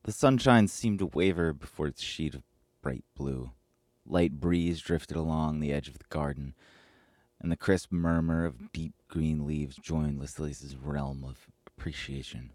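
A man hosting a podcast, reading a scripted story in a slow, measured way. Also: a bass voice, darkish tone, dry recording, clean studio sound. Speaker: podcast host and narrator.

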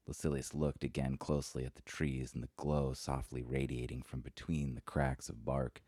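Man, narrator, scripted story reading, extremely deep, dry, measured. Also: level tone, mellow, husky, no echo.

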